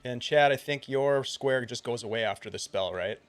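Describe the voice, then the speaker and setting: A man narrating as game master of a tabletop game, with quick relaxed asides between scene descriptions. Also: mid-range voice, soft background music.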